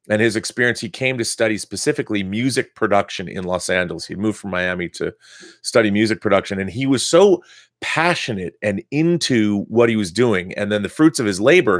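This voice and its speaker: A man with a lowish voice hosts a casual live-stream monologue and wanders enthusiastically from one thought to the next. His sound is dry and close, with no room around it. He talks like an excited storyteller. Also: no echo.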